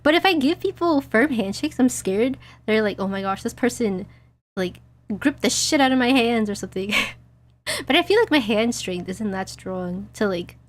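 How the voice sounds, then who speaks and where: A young woman streaming a game, chatting casually in a giggly, rambling, self-deprecating way, her throat a little dry and husky. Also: on the high side, animated, normal speed. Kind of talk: casual gaming stream chat.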